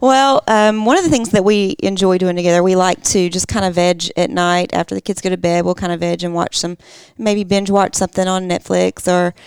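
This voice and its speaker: Smooth-voiced woman co-host. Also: fairly low pitch, fairly even intonation, fairly quick, a little mellow, dry recording. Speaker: podcast co-host. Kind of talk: casual conversation.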